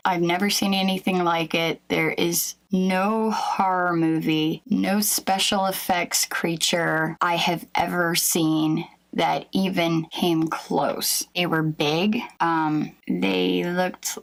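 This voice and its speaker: A woman with a low, gravelly voice tells her own story as testimony. She speaks haltingly and emotionally, stopping to search for words with plenty of fillers. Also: fairly even intonation, poor audio. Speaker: guest recounting a near-death experience. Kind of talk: personal testimony.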